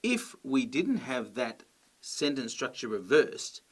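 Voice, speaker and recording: A man teaching a grammar lesson, explaining clearly and patiently and checking in with his listeners. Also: mid-range voice, big pitch swings, slow.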